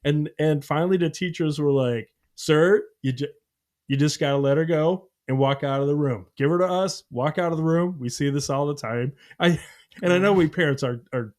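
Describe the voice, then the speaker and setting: A man's voice: fairly high pitch, normal speed. Middle-aged guy hosting a podcast, tells stories with lots of laughs, does little voices. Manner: animated, laughing, acts out voices in his story. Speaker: podcast host. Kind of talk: casual storytelling chat.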